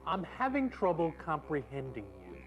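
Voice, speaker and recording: A woman's voice: sits low, very animated, normal speed, faint music behind, rough recording. A woman host acting bewildered and prim in a comedy sketch.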